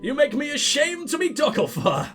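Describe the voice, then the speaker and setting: A man's voice: very high-pitched, very animated, moderate pace, a bit bright, faint music behind. A man commentating on his own gameplay, sarcastic and profane, mocking what he sees. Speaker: let's play host.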